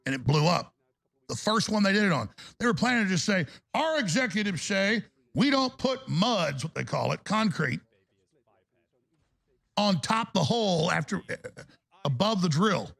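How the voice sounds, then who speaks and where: Male talk radio host ranting hard, gravelly rasp, fairly high voice. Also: lively intonation, normal speed, long pauses, fairly bright tone. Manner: heated, ranting delivery.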